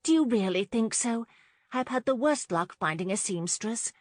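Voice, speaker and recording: A woman's voice: a little high, lively intonation, moderate pace, dry recording, voice pushed up. A woman voicing a young, proper countess who stammers when flustered. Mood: lively.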